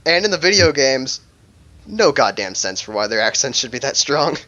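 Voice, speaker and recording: A young man co-hosting a casual gaming podcast, animated and swearing as he laughs his way through stories. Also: mid-range voice, moderate pace, highs cut off. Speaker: podcast co-host.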